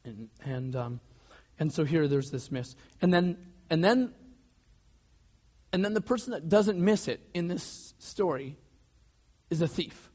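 A man preaching a sermon as pastor, in a loose conversational way with restarts and soft laughs. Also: on the high side, lively intonation, measured pace, long pauses. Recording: dull lo-fi sound.

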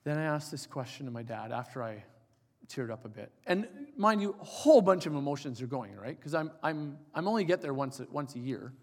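A man in his forties preaching a sermon, telling an emotional personal story and dropping to soft, quiet tones for emphasis. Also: medium pitch, lively intonation, a little fast. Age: 40s. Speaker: pastor. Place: church hall. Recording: reverberant church hall.

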